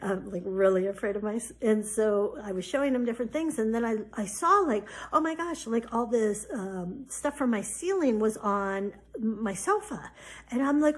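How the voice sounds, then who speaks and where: A woman in her forties talks in a fairly high voice, casual and chatty, peppering her story with fillers. She grows animated as she retells moments from her life on her podcast. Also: moderate pace. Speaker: podcast host. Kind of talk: personal story, casual spiritual talk.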